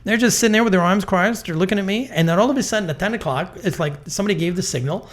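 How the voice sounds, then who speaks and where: A man's voice: high-pitched, rapid-fire. A middle-aged man, a real estate network executive, telling stories bluntly and emphatically in a business interview. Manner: emphatic, blunt, lively storytelling.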